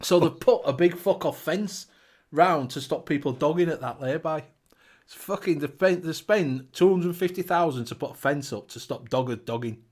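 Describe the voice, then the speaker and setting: A man's voice: fairly high pitch, moderate pace, a little mellow. A man hosting a casual live chat show, reading out viewer comments, laughing often and swearing casually.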